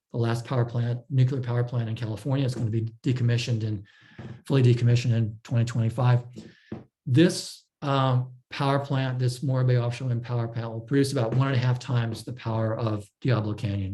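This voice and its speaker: A man gives a technical presentation in a warm, mellow voice at a middling pitch. He explains step by step in a measured way, often pausing on fillers and restarting his sentences. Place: online talk.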